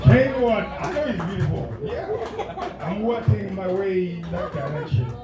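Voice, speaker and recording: Male stand-up comic working the crowd with shouted bursts, voice a little off-mic in a live room. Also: sits high, animated, moderate pace, loud music behind the voice. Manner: loud crowd work, sudden shouted bursts. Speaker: stand-up comedian. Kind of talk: stand-up comedy set. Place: comedy club stage. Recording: roomy live venue, mic at distance, audience. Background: laughing audience.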